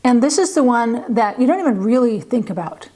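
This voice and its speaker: Chatty woman telling stories, fairly high voice. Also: expressive, a little fast, dark tone. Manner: chatty and conversational, with light laughs and many "you know"s; acts out what others say in livelier voices. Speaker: former high school teacher and parent. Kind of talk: casual storytelling to camera.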